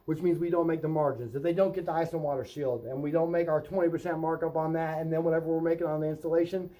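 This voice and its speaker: A man's voice: on the high side, steady tone, fast, warm tone, low-quality recording. A man coaching roofing salespeople in a vlog, talking emphatically and often checking in with the viewer by asking "right?". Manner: emphatic coaching, role-plays customer and salesman lines. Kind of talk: instructional vlog.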